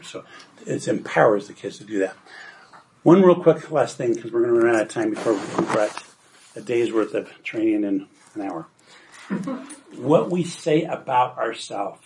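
A man's voice: mid-range voice, expressive, moderate pace, a little mellow, a little hiss or hum, rough recording. An older man, a grandfather, presenting a parenting workshop in an earnest, encouraging way, repeating words for emphasis. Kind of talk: workshop talk.

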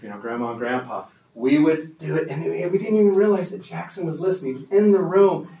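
A man's voice: on the high side, a little mellow, echoey room, far from the mic, rough recording. A man presenting a workshop to parents, talking conversationally and emphatically and often checking in with the room.

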